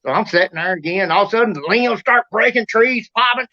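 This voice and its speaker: High-pitched excitable Kentucky man. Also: brisk, hardly any pauses, highs cut off. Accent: Kentucky Southern US. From Kentucky, USA. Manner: excitable, drawling, acts out sounds and shouts. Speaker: show host telling a story. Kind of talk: animated storytelling.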